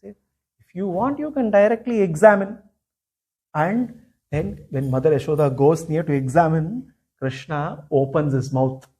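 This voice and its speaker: A man's voice: a little high, a little mellow, slightly rough. A man, a spiritual teacher animatedly retelling a scripture story with many "you know" asides.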